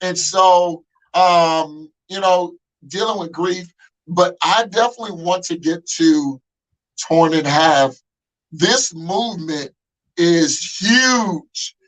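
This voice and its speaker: A man's voice: high-pitched, slow, fairly bright tone, poor audio. A man hosting a podcast interview, speaking earnestly and using many fillers. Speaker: podcast host. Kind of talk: conversational interview.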